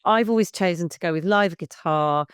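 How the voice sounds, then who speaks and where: A woman's voice: on the low side, moderate pace, smooth, no room sound, clean studio sound. A woman in her fifties, a baby music class leader, chatting frankly as a podcast guest and swearing casually. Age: 50s.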